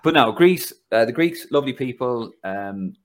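A man with a Dublin Irish accent hosting a casual football podcast, telling stories with laughter and a chatty, animated manner. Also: medium pitch, normal speed. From Ireland. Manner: chatty storyteller, laughs through anecdotes. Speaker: podcast host.

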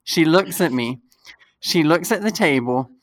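Animated and laughing as he goes, a young man recounts a funny story in casual conversation, performing the voices of the people he quotes. He has a fairly high pitch and a measured pace, captured in a dry recording.

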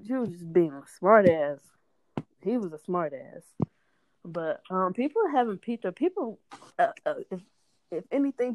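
A young adult woman chatting casually as a podcast guest, telling stories in loose slang with frequent laughter and profanity. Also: medium pitch. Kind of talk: casual chat.

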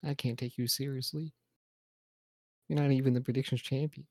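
Man, podcast co-host, teasing banter, gravelly, dry sound. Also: medium pitch, flat delivery, moderate pace, a little mellow, no room sound. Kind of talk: casual chat.

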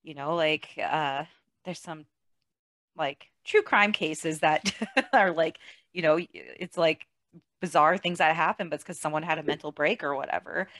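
A woman chatting casually about a film, animated, laughing often and acting out lines. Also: deep voice, measured pace, no echo. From outside the US.

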